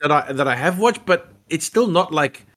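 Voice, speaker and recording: A man's voice: a little high, lively intonation, moderate pace, a bit bright. Rambling, opinionated man in casual chat. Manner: rambling, opinionated, many restarts and fillers, swears. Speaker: podcast guest.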